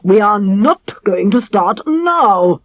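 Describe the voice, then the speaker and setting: A woman voicing a blustering, quick-tempered king in a storybook reading, with slow, booming, indignant delivery. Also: very animated, a little mellow, no room sound. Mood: exasperated. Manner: booming, drawn-out indignant speech. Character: blustering cross middle-aged king. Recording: dry, slightly dull studio recording.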